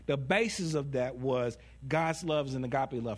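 Humorous preacher with rhetorical questions. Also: male voice, mid-range voice. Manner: conversational and humorous, laughing at his own stories; rhetorical questions, dramatic slowdowns. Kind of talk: sermon.

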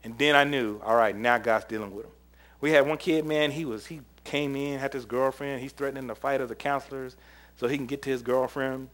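A man preaching a sermon, telling camp stories in an animated way, often laughing and acting out what people said. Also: mid-range voice, a little fast. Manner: animated storyteller, laughs often, acts out quotes. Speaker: preacher and former camp counselor.

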